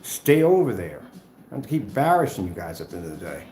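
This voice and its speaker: A man's voice: low-pitched, big pitch swings, fairly quick, darkish tone, roomy sound, a little hiss or hum. A man talking off the cuff in a vlog, combative and repetitive, trash-talking his rivals before drifting into loose chat. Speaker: screen paint maker and vlogger.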